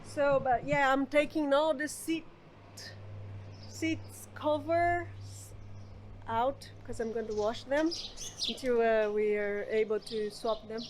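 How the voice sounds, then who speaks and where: A woman's voice: high voice, steady tone, slow pace, slight background noise. A woman from Brazil, chatting casually and hesitantly in a van life vlog, full of fillers and giggles. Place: outdoors by an old car. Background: music.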